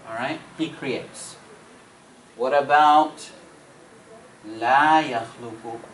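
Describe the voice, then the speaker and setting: A man teaching a grammar class, repeating each point, checking in with students and reciting verses quickly. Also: mid-range voice, a bit bright, slight background noise, poor audio. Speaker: Arabic teacher.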